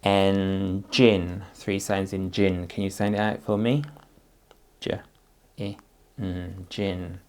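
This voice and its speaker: A man teaching a phonics lesson to parents, speaking slowly and patiently as he sounds out words and syllables. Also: low voice, little pitch movement, darkish tone.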